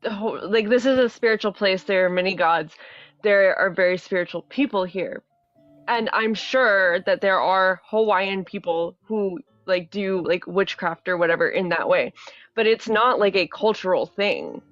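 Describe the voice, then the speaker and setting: A woman guest on a live stream who talks animatedly and keeps reaching for "like". Her dry, dull lo-fi audio carries faint music underneath. Her voice sits at an ordinary middle pitch. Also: moderate pace, dry recording. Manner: animated, heavy use of "like" fillers. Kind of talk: heated live stream chat. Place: home in Hawaii.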